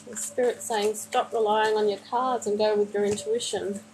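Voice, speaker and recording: A woman reading tarot cards for viewers on a live stream, calmly reassuring them and calling them honey. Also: medium pitch, moderate pace, a little hiss or hum, rough recording. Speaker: tarot card reader. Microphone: phone.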